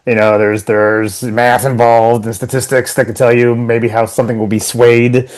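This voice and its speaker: A man's voice: mid-range voice, level tone, moderate pace, noisy background. A man co-hosting a football podcast in casual chat, rambling with many fillers and restarts. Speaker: podcast co-host.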